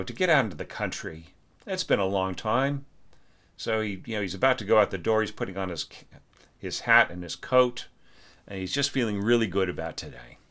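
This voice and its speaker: A man's voice: fairly low pitch, a bit bright. A man giving a casual, chatty critique of an orchestration, with lots of "you know" and "like" and sung-out notes. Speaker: orchestration teacher giving feedback. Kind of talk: casual spoken critique of a score.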